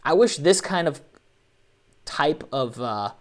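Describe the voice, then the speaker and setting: Animated joking man hosting a live show. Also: a little high, slow. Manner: animated, joking, playfully sarcastic. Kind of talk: live commentary on competition videos.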